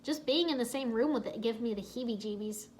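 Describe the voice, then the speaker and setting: A woman's voice: on the high side, a little fast, darkish tone, a little hiss or hum, close to an everyday voice. A woman voicing a jumpy, chatty young male ninja who talks nervously.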